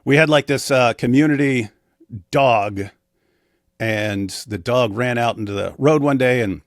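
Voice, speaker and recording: A man's voice: mid-range voice, a little slow, no echo, studio quality. A man as an interview guest, telling a personal story in a matter-of-fact way with frequent restarts. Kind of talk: casual storytelling in conversation.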